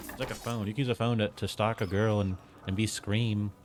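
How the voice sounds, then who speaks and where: A man's voice: on the low side, little pitch movement, moderate pace, slight background noise. A man streaming a game, rambling casually with lots of filler words and frequent chuckles. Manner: rambling, heavy use of "like", chuckles often.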